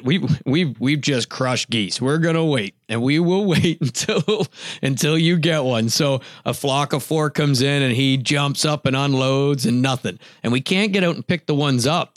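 A man telling a lively hunting story in casual chat, acting out what people said and laughing often. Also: mid-range voice, no room sound, clean studio sound. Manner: animated storytelling, acts out quotes, laughs often.

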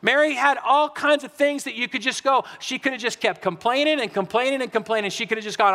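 A man's voice: very high-pitched, fairly quick, few pauses, pushed and bright, big-room sound. A man preaching a conversational sermon as a pastor, repeating words and acting out everyday frustrations.

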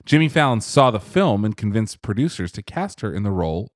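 A woman co-hosting a podcast, dropping dry wisecracks and quick questions. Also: extremely low pitch, big pitch swings, no echo. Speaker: podcast co-host. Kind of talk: casual chat.

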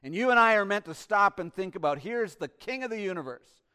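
A male pastor delivering an impassioned sermon, swinging between loud emphasis and hushed asides and posing rhetorical questions to the congregation. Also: high voice, animated, a little fast, smooth.

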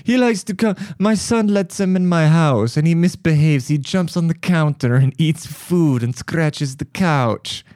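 A man putting on a young woman neighbor's high voice. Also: measured pace, hardly any pauses, darkish tone, dry recording, studio quality, lightly acted. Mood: complaining. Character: young woman neighbor, polite but complaining.

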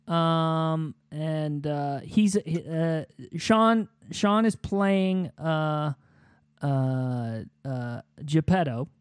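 A man improvising a silly film pitch in casual chat, halting with many fillers and restarts. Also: clean tone, no room sound, studio quality.

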